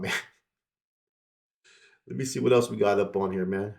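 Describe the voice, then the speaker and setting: A man's voice: lowish voice, measured pace, vocal fry, long pauses. A man casually telling a personal story straight to his viewers, swearing often and packing his talk with fillers. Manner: profane, animated storytelling with lots of fillers.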